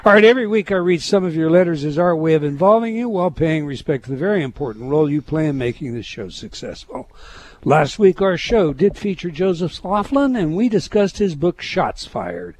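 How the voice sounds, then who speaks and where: Brief: man, show host, reflective reader, animated pitch. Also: a little fast, a little hiss or hum. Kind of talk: reflective talk and reading listener letters.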